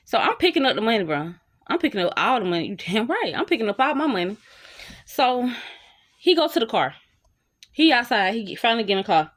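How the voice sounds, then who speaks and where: A young woman tells a storytime to camera, talking straight to her viewers with lots of slang. Her voice sits a little high and swings widely in pitch as she gets into the story. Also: sing-song, brisk, fairly bright tone. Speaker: storytime vlogger.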